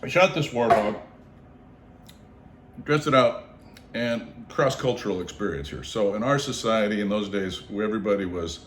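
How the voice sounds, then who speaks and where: A man from Seattle telling a long story in casual conversation. He is animated, acts out the voices of the people in it and swears freely. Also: lowish voice, moderate pace, pauses often. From Seattle, United States. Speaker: storyteller on his own show. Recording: roomy echo, faint background noise.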